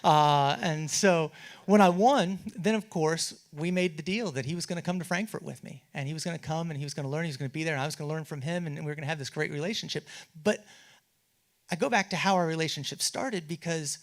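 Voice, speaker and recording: A man's voice: on the high side, fast. A man, a state legislator, telling wry anecdotes in a memorial speech at a symposium. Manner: storytelling with quoted voices and wry humor. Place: auditorium at a symposium.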